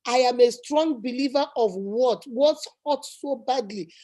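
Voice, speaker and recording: Woman, high-pitched, mellow tone, emphatic advice chat, repeats her points. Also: a little slow. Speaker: channel host.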